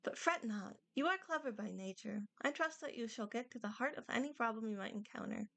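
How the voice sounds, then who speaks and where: A stately adeptus lady from a fantasy game speaks in courteous, slightly archaic phrases, as a woman reads her lines aloud. The voice sits a little high and carries a light gravelly edge, with a dry, close sound. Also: brisk, fairly bright tone, dry recording. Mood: gentle formal. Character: serene, formal female adeptus spirit of the vale. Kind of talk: reading game dialogue aloud while playing.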